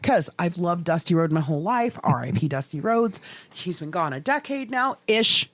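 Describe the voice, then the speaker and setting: Middle aged woman podcast host, kinda low voice, cusses and laughs a lot, dry close sound. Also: normal speed, no echo. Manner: animated, swearing, laughing storyteller. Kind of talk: casual chat.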